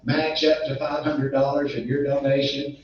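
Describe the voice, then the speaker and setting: A man running a land auction, his voice a little strained, switching between plain folksy announcements and a rapid rhythmic bid chant. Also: mid-range voice, monotone. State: strained voice from illness. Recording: echoey muffled room recording from a distance.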